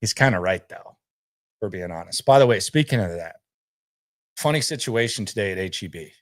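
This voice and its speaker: In casual live-stream talk about sports, a podcast host rambles in a relaxed way, often repeating words as he begins again. His voice is fairly low, with lively intonation and a brisk pace.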